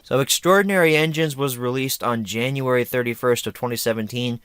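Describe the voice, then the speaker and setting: A man's voice: mid-range voice, fairly quick, over loud music. A young man hosting a casual review, rambling and self-deprecating with jokey asides. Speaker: host.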